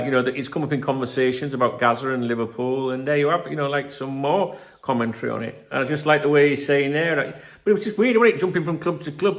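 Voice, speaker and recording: A man in his fifties talks straight to camera as the host of his own football channel. His voice sits at an ordinary middle pitch. He rambles in a loose, chatty way, tossing in asides, checking in with his viewers and dropping the occasional swear word. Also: a bit bright. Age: 50s. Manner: rambling, chatty, peppered with "you know what I mean" and swearing. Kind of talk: casual to-camera commentary.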